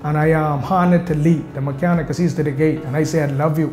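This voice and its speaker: A man's voice: on the high side, fairly even intonation, a little fast, a little mellow. Man in an echoey room. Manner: step-by-step telling with many street directions. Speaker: interviewee. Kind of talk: personal storytelling. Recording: echoey room with faint music behind.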